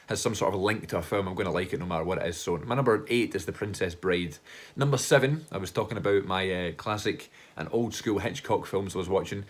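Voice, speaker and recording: A man hosting a casual film vlog, talking in a rambling, enthusiastic way with loose slang and the odd swear word. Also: on the low side. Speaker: film vlogger and podcast host.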